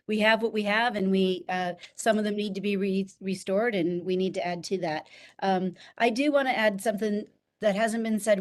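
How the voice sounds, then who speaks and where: Woman with a Midwestern accent. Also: mid-range voice. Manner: thoughtful, many fillers. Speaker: community board meeting participant. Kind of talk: casual meeting discussion. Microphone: video call.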